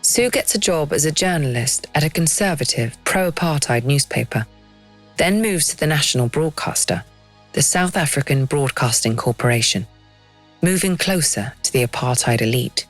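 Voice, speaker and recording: A woman giving scripted documentary narration in a measured, dramatic storytelling manner. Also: sits low, animated, faint music behind.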